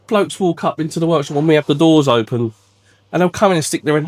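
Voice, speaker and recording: A man's voice: fairly high pitch, quick pace. A man in his thirties with a South London accent, chatting in a podcast interview and animatedly acting out quoted exchanges, swearing freely. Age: 30s. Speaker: classic car garage owner.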